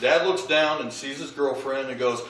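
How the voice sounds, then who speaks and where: A man's voice: mid-range voice, moderate pace, slight background noise. A man giving a humorous eulogy for his father, telling family anecdotes and acting out what people said. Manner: animated comic anecdotes, acting out quoted lines. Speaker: eulogist, child of the deceased. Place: large memorial service hall. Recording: echoey hall, voice far from mic.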